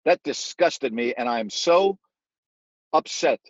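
A man's voice: mid-range voice, expressive, slow pace, dry recording, highs cut off. Angry male sports talk host. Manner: indignant, repetitive, emphatic. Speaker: live audio show host.

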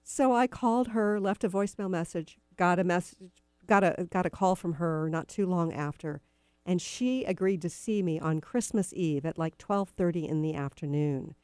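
Chatty, low-voiced woman radio host. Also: moderate pace, a little mellow, clean tone, dry recording. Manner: chatty, meandering with frequent fillers. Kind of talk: casual storytelling on talk radio.

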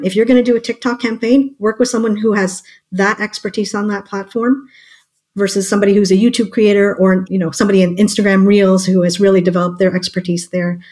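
A woman's voice: mid-range voice, a little mellow. A woman speaking as a guest marketing expert in a podcast conversation, explaining with confidence and asking rhetorical questions.

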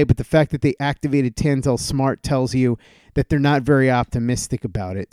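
A man's voice: mid-range voice, a little mellow, clean tone, dry recording, clean studio sound. A man hosting a sports talk show, giving a methodical rundown of team news and asking his guest questions. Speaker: sports podcast host.

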